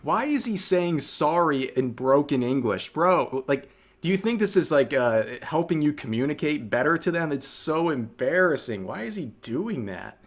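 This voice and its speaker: A man's voice: a little high, sing-song, moderate pace. A man giving casual, mocking reaction commentary on a video clip. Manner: mocking and sarcastic.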